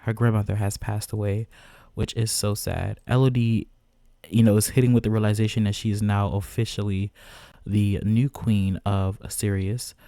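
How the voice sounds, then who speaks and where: Gaming host, male, low and mellow, dry close sound, chatty with viewers. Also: no echo. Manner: chatty, keeps addressing viewers as "guys". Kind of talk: casual gameplay commentary.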